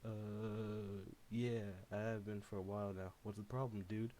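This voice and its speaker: A man's voice: on the low side, little pitch movement, measured pace, warm tone, natural voice. A man reading aloud and voicing a confused, defensive young man who argues back in a raised voice.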